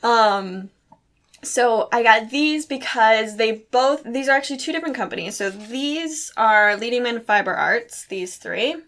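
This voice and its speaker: A bubbly young woman chatting casually as a crafting co-host, her voice sitting a little high. She laughs easily and talks at home on camera. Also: animated, measured pace, fairly bright tone. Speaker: podcast co-host. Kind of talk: casual chat.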